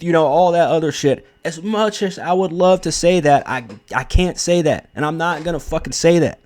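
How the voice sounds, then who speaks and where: A man's voice: fairly high pitch, lively intonation, normal speed, a little mellow. A young man giving casual, blunt opinion commentary, emphatic and profane, with frequent fillers and restarts. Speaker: wrestling commentary host.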